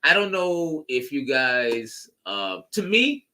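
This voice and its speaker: A man's voice: mid-range voice, big pitch swings, slow, pushed and bright. A man co-hosting a casual chat show, joking and rambling with lots of fillers. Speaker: co-host.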